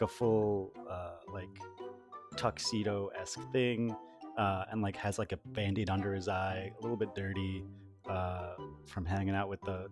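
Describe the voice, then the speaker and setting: A man playing in a tabletop game, casually describing his character in a rambling way full of fillers. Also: low-pitched. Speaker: player. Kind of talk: casual chat.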